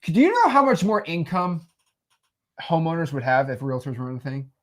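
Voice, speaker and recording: A man casually teaching real estate wholesaling while sketching, animated and salesy. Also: on the high side, moderate pace. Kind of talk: casual whiteboard explainer.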